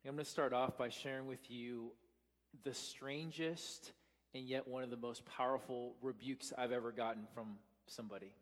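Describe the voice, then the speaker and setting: A man's voice: medium pitch, fairly even intonation, normal speed, in a large hall. A man in his thirties preaching a sermon as pastor, telling stories casually with many fillers and restarts.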